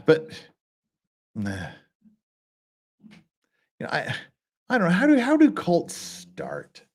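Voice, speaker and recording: A man's voice: high voice, huge pitch swings, takes it slowly, pauses often. A man hosting a casual live stream, rambling and joking with many restarts and asides. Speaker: streamer host. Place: lives in Korea.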